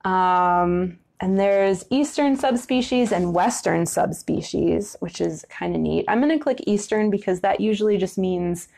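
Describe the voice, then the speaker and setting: A woman's voice: medium pitch, expressive, measured pace, gravelly, hardly any pauses, darkish tone. A woman education director giving a casual online talk about birds, answering viewer comments with many filler words.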